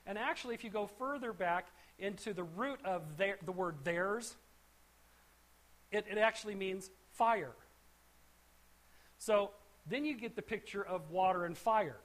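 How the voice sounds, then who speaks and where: A woman teaching scripture verse by verse. She speaks conversationally, pausing to explain words. She often restarts her sentences and drops in asides as she goes. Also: medium pitch. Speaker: Bible teacher.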